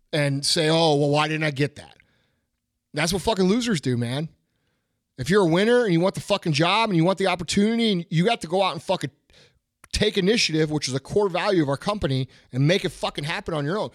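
A middle-aged man speaks in a somewhat high voice, blunt and heavy on profanity as he rants. The sound is close and dry, recorded on a studio mic with no room behind it. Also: dry recording. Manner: blunt, profane, fired-up ranting. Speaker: podcast host. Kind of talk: casual podcast chat.

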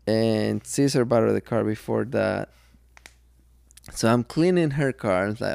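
A man with a heavily gravelly, crackling voice tells a story on a podcast, circling back and restarting as he goes. He sits close to a studio microphone in a dead, dry room with no echo. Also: lowish voice, unhurried, darkish tone. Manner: rambling, circling retelling with many restarts. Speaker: podcast co-host. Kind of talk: casual storytelling chat.

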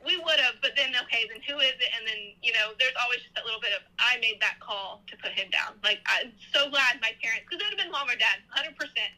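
A woman's voice: a little high, quick pace, hardly any pauses, bright, forceful tone, rough recording. A woman in her thirties, a podcast guest, telling a personal story in a casual, rambling way with many restarts.

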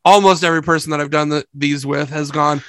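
A man in his thirties hosting a podcast, hoarse and gravelly from a cold, rambling with many restarts in casual conversation. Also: a little high, fairly even intonation, fast talker, a bit bright, no room sound. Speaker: podcast host.

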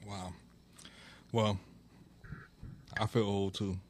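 A man's voice: on the low side, little pitch movement, very slow. A man co-hosting a podcast in casual chat, dry and teasing. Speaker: podcast co-host.

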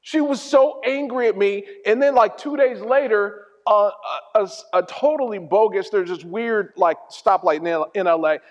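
High-voiced preacher in an echoey hall. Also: male voice, moderate pace, hardly any pauses. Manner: storytelling, animated and humorous. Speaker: pastor. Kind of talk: sermon. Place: church hall. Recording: dull sound in a reverberant hall.

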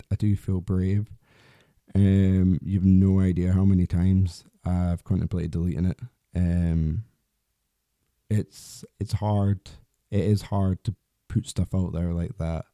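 A man's voice: deep voice, dark tone, no room sound, clean studio sound. A man hosting a solo podcast, talking in a rambling, candid way with restarts and the odd swear word. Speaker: podcast host.

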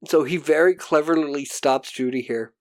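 A man co-hosting a podcast, recapping a TV episode in animated casual chat, swearing casually and acting out quotes. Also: on the high side, normal speed. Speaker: podcast co-host.

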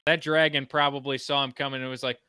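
A man hosting a casual chat podcast, animated and jokey, sprinkling his talk with "you know". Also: medium pitch, fast talker, clear, resonant tone, no room sound, clean studio sound. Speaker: podcast host.

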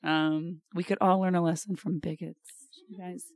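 A woman's voice: fairly low pitch, fairly even intonation, moderate pace, darkish tone, no echo, studio quality. A woman in her thirties, a podcast guest chatting casually with a wry, self-deprecating humor. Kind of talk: casual chat.

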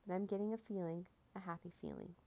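A woman's voice: medium pitch, fairly even intonation, fast talker, mellow, close to an everyday voice. A woman voicing an earnest young boy who has just become a dragon master in a storybook.

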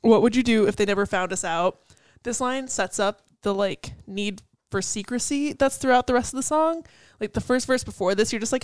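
A woman's voice: fairly high pitch, brisk, hardly any pauses, smooth, no room sound. Chatty young woman, lots of "like". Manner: chatty, peppered with "like", casual swearing. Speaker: co-host. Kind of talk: casual chat breaking down song lyrics.

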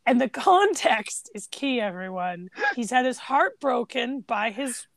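A woman's voice: fairly high pitch, lively intonation, measured pace, no echo. A woman co-hosting a casual podcast, chatty and rambling, laughing often as she talks. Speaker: podcast co-host. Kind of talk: casual chat.

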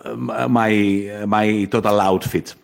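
A man's voice: lowish voice, steady tone, slow pace, creaky. A man hosting a radio interview, friendly and effusive. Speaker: radio host.

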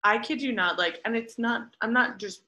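Woman co-host with a bright, sharp tone; lively storyteller in casual chat. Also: on the high side, normal speed, poor audio. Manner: animated storyteller, fond of acting out voices. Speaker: podcast co-host.

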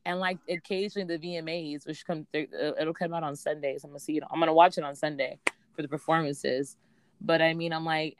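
A low-pitched woman talks in a casual, opinionated way and acts out what other people said. She sounds close and dry, with no room around her. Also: fairly even intonation, fairly quick, clear, resonant tone, dry recording. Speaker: podcast co-host. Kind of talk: casual chat recapping a reality show.

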